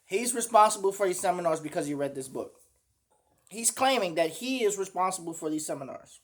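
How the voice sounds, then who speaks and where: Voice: medium pitch, lively intonation, a little fast. A commentator reacting to a clip, indignantly calling the speaker out, swearing and asking the viewers "y'all hear it?".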